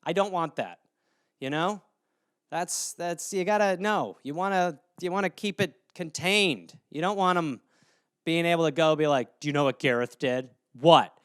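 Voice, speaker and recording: A man's voice: high-pitched, a little slow, fairly bright tone, clean tone, no room sound, clean studio sound. A man in his thirties hosting a solo comedy podcast, ranting and acting out silly scenes with lots of swearing. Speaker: podcast host.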